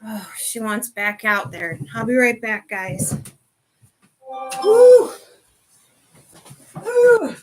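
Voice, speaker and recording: Slow-talking bright-voiced woman podcast host. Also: mid-range voice. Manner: rambling, chatty, sidetracked. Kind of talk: casual chat.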